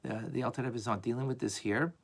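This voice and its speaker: Husky-voiced man teaching a religious class. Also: medium pitch, fast. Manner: animated, playful, acts out examples, frequent "right?". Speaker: Torah teacher. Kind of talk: lively class on a religious text.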